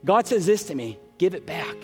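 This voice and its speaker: Middle-aged male pastor, high voice, emotional storytelling sermon, long church reverb, soft music under. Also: sing-song. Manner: storytelling, emotional, breaks into quick asides. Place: large church sanctuary.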